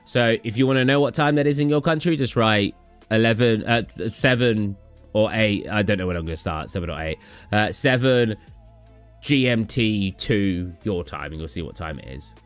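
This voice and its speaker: A young British man chats casually with stream viewers, rambling and acting out his own reactions in a smooth, lowish voice at normal speed. The room is dry, with faint music behind him.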